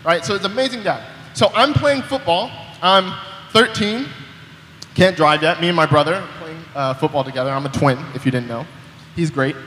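Bright-voiced preacher in an echoey hall. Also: male voice, fairly high pitch, normal speed, a little hiss or hum. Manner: conversational, repeats words when starting sentences. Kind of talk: sermon. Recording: echoey hall with long reverb.

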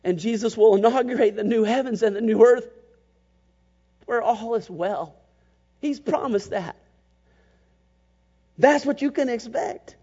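A man preaching a sermon as pastor, animated and emphatic, sometimes slipping into mocking voices to make a point. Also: very high voice, a little slow, pauses often, husky. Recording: muffled, long church reverb.

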